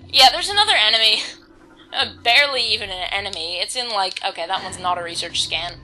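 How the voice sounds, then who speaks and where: A woman's voice: medium pitch, expressive, a little fast, sharp tone, faint music behind, low-quality recording. A woman casually commenting on a video game, rambling and self-deprecating as she reads the on-screen text aloud. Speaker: let's-play commentator.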